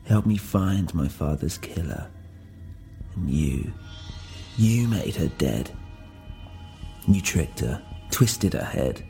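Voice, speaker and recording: A man's voice: deep voice, a little slow, vocal fry, mellow, faint music behind. A man voicing a cold, menacing young German woman who speaks in clipped, broken English. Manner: stern, clipped commands.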